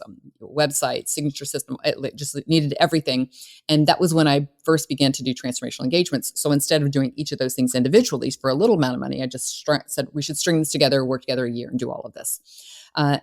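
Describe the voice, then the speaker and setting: A middle-aged woman with a low voice talks through her ideas in an easy, unscripted way. She is earnest and chatty, often stopping to restart a thought, the way a coach does on her own podcast. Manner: warm, earnest and conversational, with many fillers and restarts. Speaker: business coach. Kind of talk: solo podcast talk.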